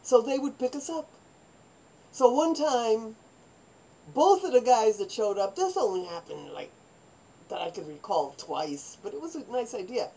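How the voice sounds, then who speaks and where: A woman's voice: fairly high pitch, sing-song, measured pace, mellow, slightly rough, rough recording. An older woman recounting her own life to camera in a loose, rambling monologue. She drifts between asides and throws herself into the voices of people she quotes. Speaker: vlogger telling her life story. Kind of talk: personal storytelling monologue.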